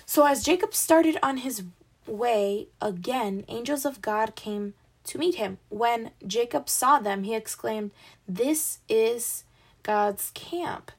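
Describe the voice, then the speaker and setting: A woman's voice: fairly high pitch, a little slow, husky. A woman reading a Bible passage aloud in a casual way, stumbling and apologizing for her slips. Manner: apologetic, stumbling over words, laughing at own mistakes. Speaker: Bible reader.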